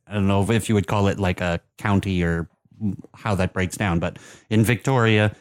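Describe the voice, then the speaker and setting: Podcast co-host, man, low voice, dry close sound, rambling with fillers. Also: darkish tone, clear, resonant tone, no room sound. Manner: rambling, hesitant, many fillers. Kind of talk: casual chat about beer and soccer.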